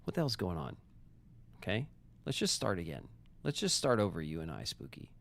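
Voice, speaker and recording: A man with a fairly low voice thinks aloud while he plays a puzzle game live. He chats with his viewers in a loose, joking way and keeps up a stream of commentary. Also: huge pitch swings, a little fast, vocal fry. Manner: chatty, talks to chat and himself, jokey asides. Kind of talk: casual live gameplay commentary.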